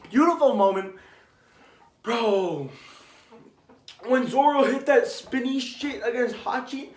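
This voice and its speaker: A young man chatting casually about his favorite anime moments, rambling and restarting. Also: sits high. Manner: rambling, restarts, grows excited and loud. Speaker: anime commentator. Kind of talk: casual ranking chat. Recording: echoey room.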